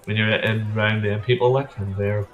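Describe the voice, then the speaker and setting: A man's voice: lowish voice, level tone, normal speed, highs cut off. Northern irish man, plasterer guest, chatty, repeats words, echoey room. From Northern Ireland. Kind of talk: casual interview chat.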